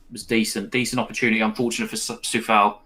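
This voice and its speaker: A man's voice: fairly low pitch, level tone, racing, sharp tone. A man co-hosting a casual live football watch-along, mixing play-by-play with rambling chat. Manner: chatty, rambling, with fillers and laughs. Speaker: co-host of a match watch-along.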